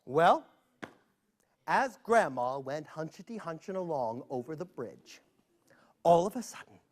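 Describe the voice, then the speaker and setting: A male storyteller spins a folktale for kids at a library event. His pitch leaps up and down with every line. He breaks off for playful, chatty asides. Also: big pitch swings, a little slow. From United States. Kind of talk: animated storytelling for children.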